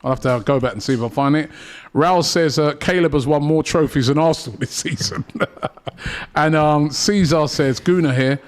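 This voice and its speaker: A man hosting a live football watchalong, reading viewer comments in a relaxed, chatty way. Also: fairly high pitch, moderate pace. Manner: laid-back, reads out viewer comments. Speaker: host.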